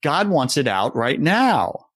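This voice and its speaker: A man's voice: fairly high pitch, big pitch swings, takes it slowly, no echo, clean studio sound. A man talking as a guest coach in a casual interview, passionate and preacher-like, acting out voices as he speaks. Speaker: executive confidence coach, guest.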